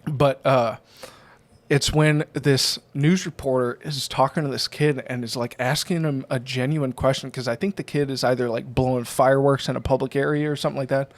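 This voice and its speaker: A man co-hosting a podcast who tells stories and teases the others in quick, playful banter. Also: medium pitch, steady tone. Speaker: podcast co-host. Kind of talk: casual chat.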